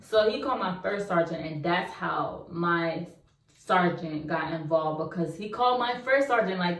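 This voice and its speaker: A young woman vlogger telling a personal story to her viewers in a casual, slangy, animated way. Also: lowish voice, unhurried. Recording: roomy echo, mic at a distance.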